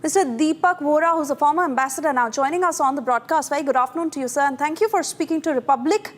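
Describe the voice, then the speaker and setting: A woman anchoring live TV news, introducing guests and reading breaking news in a brisk, emphatic manner. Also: high voice, big-room sound.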